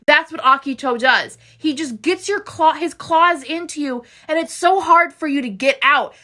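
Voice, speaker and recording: Bright high-voiced young woman gushing. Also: normal speed. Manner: gushing, swings between outrage and tearful excitement, swears. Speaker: anime fan reacting. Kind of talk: emotional reaction vlog.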